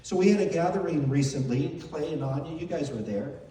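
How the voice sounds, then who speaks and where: A man's voice: on the high side, expressive, brisk, warm tone. An older man telling heartfelt, emotional stories in a memorial tribute, repeating phrases as he speaks. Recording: very echoey hall, voice from far off.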